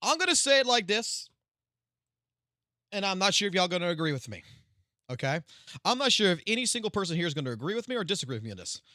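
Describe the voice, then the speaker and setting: A man's voice: high-pitched, very animated, quick pace, long pauses, bright, forceful tone, no echo, studio quality. A man ranting on a live stream, commenting on online drama in a heated, profane, confrontational way.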